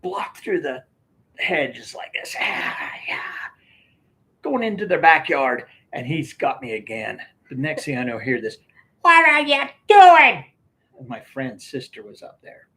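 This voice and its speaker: A man's voice: mid-range voice, animated, a little slow, sharp tone. Older man telling rambling stories. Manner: rambling, laughs often while telling. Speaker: storyteller. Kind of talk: casual storytelling.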